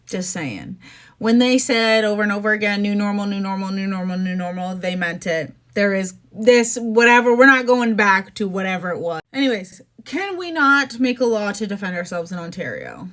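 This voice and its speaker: A woman's voice: medium pitch, sing-song, normal speed, fairly bright tone. A young woman from Canada hosting a podcast, ranting casually about politics in an exasperated, sarcastic, chatty way. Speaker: podcast host.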